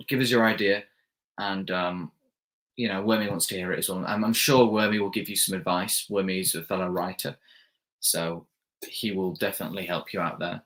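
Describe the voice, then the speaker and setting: A man's voice: lowish voice, fairly bright tone. A young man hosting a live stream, reading viewer comments aloud and rambling casually with lots of fillers and restarts.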